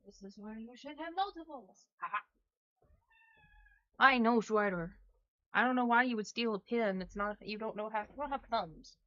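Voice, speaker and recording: A woman's voice: on the high side, normal speed, long pauses, pushed and bright, no echo, dull audio. A woman streaming a video game, chatting casually with her chat and her pet as she plays. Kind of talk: casual gameplay stream commentary.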